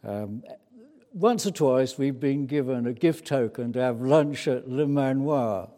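A British man preaching a sermon in an unhurried, chatty way, with many hesitant fillers. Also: mid-range voice, dark tone. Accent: British English. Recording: long reverb of a large hall.

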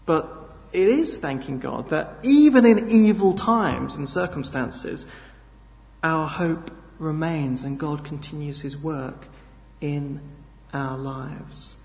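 A man's voice: fairly high pitch, darkish tone, long reverb tail, muffled recording. A man preaching a sermon, earnest and emphatic, leaning hard on key words. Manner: earnest, emphatic, slow with sudden stresses.

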